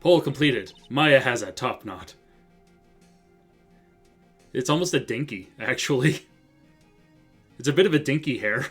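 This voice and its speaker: Man streamer with a bright voice. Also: medium pitch, animated, a little slow, pauses often, breathy edge, soft background music. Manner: offhand, joking asides. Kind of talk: casual gaming commentary.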